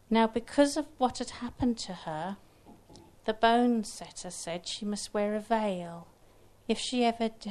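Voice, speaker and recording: Gentle woman telling a folktale. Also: mid-range voice. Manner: unhurried, gentle, with small restarts. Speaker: storyteller. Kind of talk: oral folktale storytelling.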